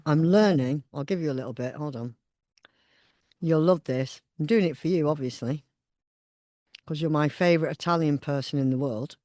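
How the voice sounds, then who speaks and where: A woman's voice: deep voice, moderate pace, long pauses, a little mellow, no room sound, clean studio sound. A woman hosting a podcast in casual chat, playful and theatrical, laughing at her own jokes. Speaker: podcast host.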